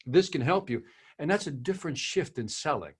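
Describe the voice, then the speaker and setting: A man guesting on an interview, talking through his approach to selling with emphatic repetition and rhetorical questions. His voice has a husky, slightly rough edge. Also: on the high side, expressive, a little fast. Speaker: sales trainer guest. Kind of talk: interview conversation.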